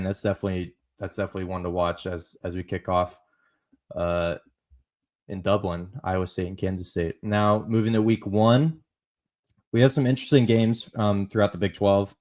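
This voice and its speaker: Low-voiced man hosting a football podcast. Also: darkish tone. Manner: conversational, repeats and restarts phrases, emphatic on praise. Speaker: podcast host. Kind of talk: solo college football podcast commentary.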